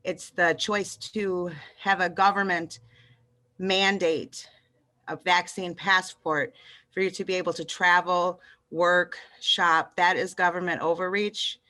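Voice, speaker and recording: A woman's voice: lowish voice, flat delivery, slow pace, bright, forceful tone. A woman calling in to a public meeting, out of breath, urging a vote in an urgent, persuasive way. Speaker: caller. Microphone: call-in line.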